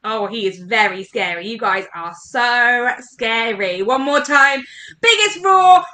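A woman with a fairly high, bright voice speaks unhurriedly but forcefully. She leads an interactive story workshop for children, keeping her delivery playful, encouraging, and sing-song.

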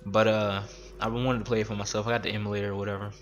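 A man's voice: on the low side, little pitch movement, rapid-fire, faint music behind. A man in his twenties ranting with heavy swearing while commenting on his gameplay. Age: 20s. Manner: profane, exasperated ranting. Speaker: gaming streamer.

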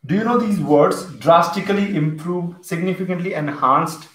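A man with an Indian English accent and a fairly high, slightly bright voice teaches a live online English class at normal speed. He chats and reads viewers' comments aloud as he goes, in an echoey room.

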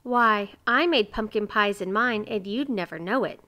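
A woman's voice: mid-range voice, moderate pace, sharp tone, close to an everyday voice. A woman voicing kindly, bossy neighbor women who talk in a coaxing, cheerful way.

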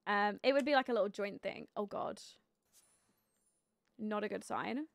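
A woman's voice: mid-range voice, normal speed, creaky, no echo. A young woman chatting casually while live-streaming a life-sim game, giggly and full of fillers as she greets viewers and reacts to the game. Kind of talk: casual gameplay commentary.

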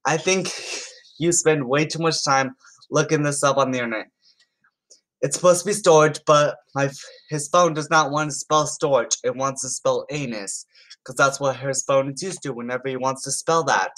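A man's voice: mid-range voice, moderate pace, fairly bright tone. A man reading funny text messages aloud and commenting on them in a casual, amused way, often stumbling over his words and restarting. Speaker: YouTuber.

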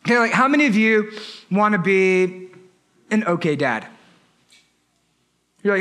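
Pastor, male, high bright voice, playful comic sermon delivery with acted asides. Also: lively intonation, a little slow, pauses often. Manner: playful, joking storyteller voicing disciples.

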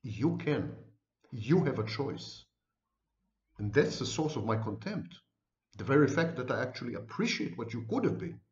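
A man's voice: mid-range voice, big pitch swings, moderate pace, darkish tone, reverberant, muffled recording. A man delivering a scornful, emphatic monologue to his viewers as host of his own channel. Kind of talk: direct-to-camera monologue.

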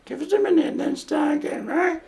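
A man voicing a cheeky Yorkshire dog, high and whiny. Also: fairly quick, creaky, darkish tone. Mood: indignant. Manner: whiny, childlike, talks to "Dad". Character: chatty young male dog, fidgety and cheeky.

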